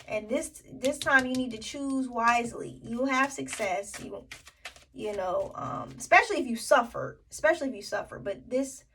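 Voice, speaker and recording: A woman's voice: on the high side, animated, normal speed, vocal fry, fairly bright tone, distant mic, slight background noise, low-quality recording. A woman giving a tarot reading to her viewers, thinking aloud with many fillers and restarts. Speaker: tarot reader.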